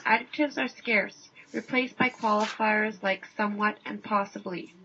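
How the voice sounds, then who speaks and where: A woman's voice: mid-range voice, fairly even intonation, normal speed, pushed and bright, slight background noise. A woman reading a wry first-person essay aloud in a dry, understated manner. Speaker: essay reader. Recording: dull lo-fi recording.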